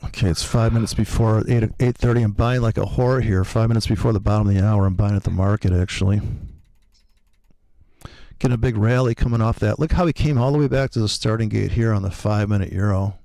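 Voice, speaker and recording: A man's voice: on the low side, quick pace, creaky, warm tone, dry recording. A man hosting a casual livestream, rambling and profane as he calls the markets. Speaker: host, forex trader.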